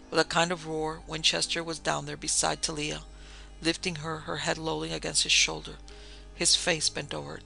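A man narrates a novel in a steady, measured audiobook reading. His voice is gravelly and very bright, pitched somewhat high, with faint music beneath. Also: poor audio. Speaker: audiobook reader. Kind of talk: scripted narration.

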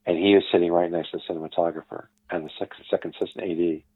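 A man's voice: deep voice, racing, dry recording. An older man, a guest actor and producer, telling stories casually in an interview and acting out the people he quotes. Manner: animated storyteller who acts out the people he quotes. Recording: tinny phone-like line, dry.

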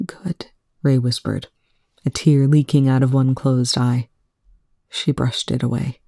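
A woman reading a story aloud in a soft, hushed manner, with quiet dialogue. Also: rumbling low, flat delivery, no echo, studio quality. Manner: soft-spoken, slow and hushed. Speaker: fan fiction reader. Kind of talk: reading fiction aloud, then casual commentary.

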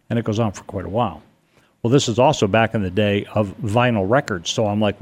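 A man's voice: lowish voice, brisk. Rambling older man telling a story. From Connecticut, USA. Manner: rambling, animated storyteller with frequent restarts. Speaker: guest telling a ghost story. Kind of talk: casual storytelling on radio.

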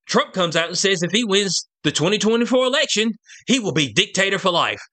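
A man's voice: high voice, big pitch swings, fairly quick, bright, forceful tone. A man giving a casual, slang-heavy commentary rant as a vlogger, full of rhetorical asides and check-ins with his viewers. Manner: slangy, rhetorical, keeps asking "you know what I'm saying".

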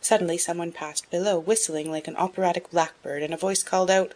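A woman reads a classic novel aloud as an audiobook narrator. Her voice sits on the low side, and her storytelling runs steady and even. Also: quick pace. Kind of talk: scripted narration.

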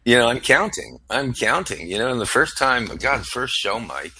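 A man's voice: medium pitch, very animated, normal speed, pushed and bright, slight background noise. A man co-hosting a radio talk show, chummy and laughing, with casual banter. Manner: chummy, laughing, calls others sir and man. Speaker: radio co-host.

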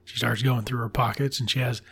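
A man with a husky, slightly breathy voice sits at a middle pitch and retells a story like he's talking to friends. He swears casually and breaks off for offhand remarks. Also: flat delivery, fairly quick. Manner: irreverent, swears freely, drops asides. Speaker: podcast host.

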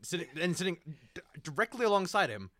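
Lively bright-voiced joking man. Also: sits high, quick pace, no echo. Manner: joking, chiming in with quips. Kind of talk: casual chat.

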